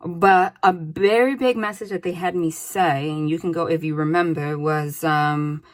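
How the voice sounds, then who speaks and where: A woman giving a casual spoken tarot reading, chatty and loose, often adding "like" and "okay?". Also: on the low side. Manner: chatty, with many "like" and "okay?" tags. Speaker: tarot reader.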